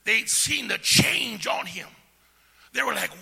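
Raspy high-voiced preacher in a reverberant church. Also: male voice, lively intonation, takes it slowly. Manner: preaching with call-and-response, swings from soft to shouting. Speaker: pastor. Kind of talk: sermon. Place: church sanctuary. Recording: long hall reverb.

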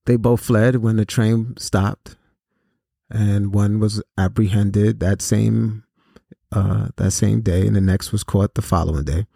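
A man earnestly telling a personal story to students in a measured way, with pauses and fillers. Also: on the low side, fairly even intonation, vocal fry, dark tone, dry recording, clean studio sound. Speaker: host and speaker on violence prevention.

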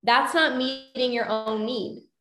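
A woman's voice: high-pitched, fairly even intonation, slow pace, a bit bright, reverberant, faint music behind. A young adult woman coaching her listeners in a motivational talk, earnest and repeating phrases for emphasis.

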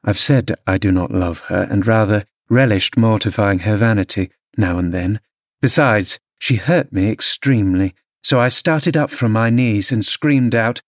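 Man, audiobook narration, measured storytelling, lowish voice, dry close sound. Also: no echo. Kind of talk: scripted narration.

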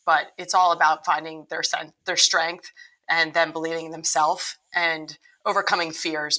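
A woman's voice: sits low, pushed and bright, poor audio. A middle-aged woman, a lacrosse coach, telling her story earnestly in a podcast interview, with frequent restarts.

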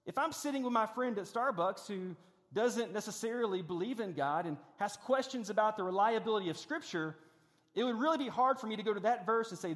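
A middle-aged man preaching a sermon in a large church. He talks conversationally, with self-deprecating humor and frequent restarts, while running a demonstration on stage. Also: sits high. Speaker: pastor. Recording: long hall reverb.

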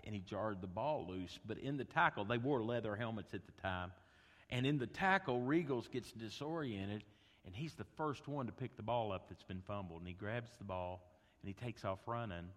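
A man preaching a sermon, an animated storyteller who swings between loud bursts and hushed tones. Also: on the low side. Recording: long hall reverb.

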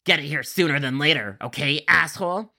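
A man's voice: on the high side, brisk, pushed and bright. A man voicing a rude, threatening male customer who taunts and swears. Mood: sneering. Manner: sneering, taunting.

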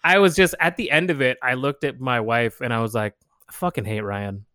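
A man in casual podcast chat, energetic and laughing, who jumps into exaggerated voices to act out quotes. His voice sits at an average pitch and is close-miked and dry, with no room sound. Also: fairly quick, no echo. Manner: animated, laughing storyteller who acts out quotes; swears freely. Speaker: podcast co-host.

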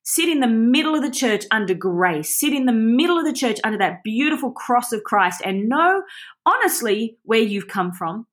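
A woman's voice: a little high, very animated, normal speed. A woman giving an informal, passionate Bible teaching in a conversational, rambling way.

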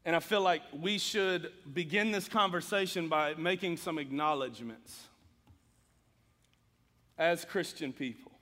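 A man's voice: on the high side, unhurried, bright, forceful tone, in a large hall. A man preaching a sermon, earnest and emphatic as he reads scripture and speaks to the congregation. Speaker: pastor.

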